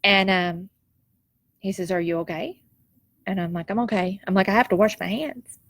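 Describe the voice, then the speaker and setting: A woman's voice: medium pitch, normal speed, fairly bright tone, dry recording, clean studio sound. A woman, telling a personal story in an emotional, heartfelt and reflective way, tearful at times. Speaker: nurse sharing a personal story.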